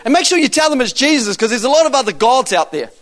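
Animated high-voiced New preacher. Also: male voice, quick pace. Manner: animated storyteller acting out dialogue, loud bursts. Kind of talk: sermon storytelling.

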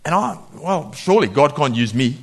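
A man preaching a sermon in a lively way, laughing often and acting out voices when he quotes people. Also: a little high, normal speed, vocal fry, husky.

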